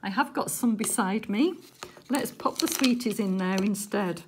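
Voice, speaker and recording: A woman chatting casually while she works on a diamond painting at home, with gentle, softly murmured asides. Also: medium pitch, unhurried, slight background noise. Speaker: crafting vlogger.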